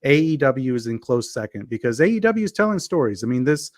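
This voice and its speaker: Halting man on a dry podcast mic. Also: medium pitch, big pitch swings, no room sound. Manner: halting, with frequent restarts and fillers. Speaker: podcast co-host. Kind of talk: casual wrestling review chat.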